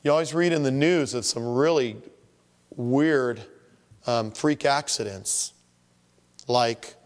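A man's voice: medium pitch, takes it slowly, in a large hall. A man preaching a sermon, acting out the voices of people who complain about their troubles. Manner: animated, acts out voices of complainers. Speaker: pastor.

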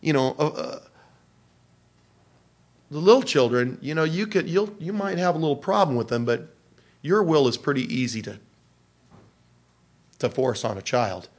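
A man's voice: on the high side, animated, moderate pace, long pauses. A middle-aged man preaching a sermon in a folksy storytelling way, often laughing at his own stories. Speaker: pastor.

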